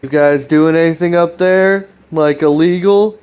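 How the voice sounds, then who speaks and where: A man's voice: fairly high pitch, fairly even intonation, a little slow, darkish tone, clear, resonant tone, voice pushed up, lightly acted. A man putting on the voice of a joking middle-aged dad teasing teenagers, with playful questions.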